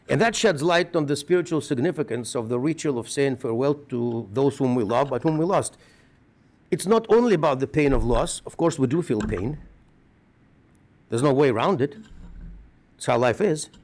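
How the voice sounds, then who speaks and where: A middle-aged man with a Russian accent, speaking as a rabbi giving an earnest funeral eulogy with measured storytelling. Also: a little high, darkish tone.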